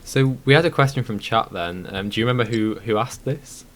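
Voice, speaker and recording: A man with a mid-range voice talks through ideas on a gaming podcast. He hesitates and fills gaps with frequent ums as he thinks aloud. His tone is relaxed and conversational. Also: medium pitch, fairly quick, a little hiss or hum. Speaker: podcast co-host. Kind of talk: casual gaming podcast chat.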